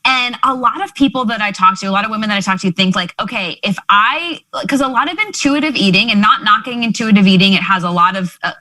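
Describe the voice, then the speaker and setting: A woman's voice: mid-range voice, pushed and bright. Woman podcast host, coachy and emphatic, lots of you knows, normal mid voice. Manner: emphatic, encouraging, many fillers like "you know". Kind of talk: conversational podcast interview.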